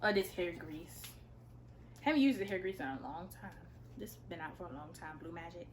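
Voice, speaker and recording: A teenage girl opening gifts in a casual home vlog, breaking into loud, repeated excited exclamations. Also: on the low side, brisk, crowd noise, poor audio. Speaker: vlogger.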